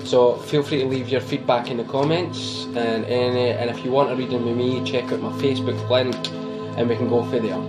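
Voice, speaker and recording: Scottish man, casual tarot reading, chatty and rambling, teasing, mid pitch, music playing behind. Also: little pitch movement, brisk. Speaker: tarot reader.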